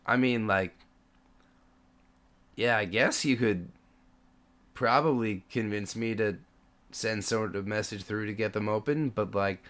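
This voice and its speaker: A man's voice: on the low side, steady tone, measured pace, pauses often, a bit bright. A man running a tabletop game as game master, narrating casually with lots of fillers.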